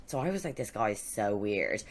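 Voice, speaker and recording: Very low-voiced Irish woman. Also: moderate pace, a little hiss or hum. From Ireland. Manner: animated storytelling, acts out quoted voices. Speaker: podcast co-host. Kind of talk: casual chat.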